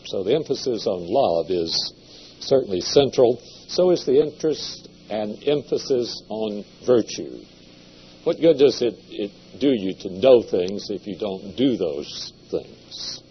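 A man giving a seminary lecture in a measured, deliberate way, with occasional hesitations. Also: low voice, animated. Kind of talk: classroom lecture. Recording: dull lo-fi lecture recording with faint hum.

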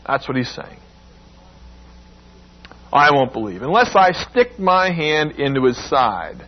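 A husky-voiced man preaching at a medium pitch, acting out the quoted lines with sudden emphatic rises. The recording is dull and lo-fi, with the top end muffled. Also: lively intonation, measured pace, long pauses. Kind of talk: sermon.

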